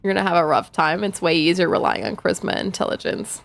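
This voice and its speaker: A woman's voice: lowish voice, steady tone, quick pace, gravelly. A woman streaming a game, chatting casually and reading in-game notes aloud. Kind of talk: casual gameplay commentary.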